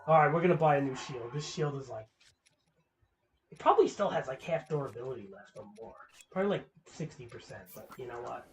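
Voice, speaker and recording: A man's voice: medium pitch, expressive, a little fast, faint music behind. A man giving casual gameplay commentary to a viewer, rambling and swearing, often restarting his words. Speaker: gaming channel host.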